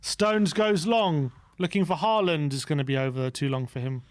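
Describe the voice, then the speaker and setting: A man's voice: a little high, moderate pace. A man calling the match play-by-play as a fan co-host, with exasperated outbursts.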